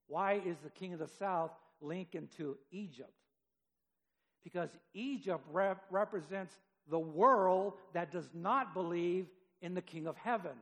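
A man's voice: high-pitched, measured pace, a bit bright. A man preaching a sermon, reading scripture aloud and talking with his congregation in a conversational way, rising in force for emphasis. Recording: long hall reverb.

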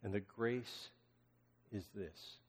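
A man preaching a sermon as pastor, swinging between loud impassioned cries and hushed, almost whispered lines. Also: on the low side, takes it slowly, breathy edge. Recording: long hall reverb.

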